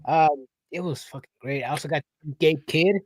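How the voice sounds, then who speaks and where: A man's voice: fairly high pitch, moderate pace, a little mellow, husky, dry recording, clean studio sound. A man co-hosting a casual podcast, talking eagerly and swearing as he backs up his friend. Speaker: podcast co-host. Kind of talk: casual chat.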